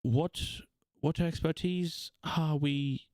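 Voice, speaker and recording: A man voicing a young high elf princess who speaks formally and gratefully. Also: steady tone, takes it slowly, a little mellow, no echo, clean studio sound. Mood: gracious.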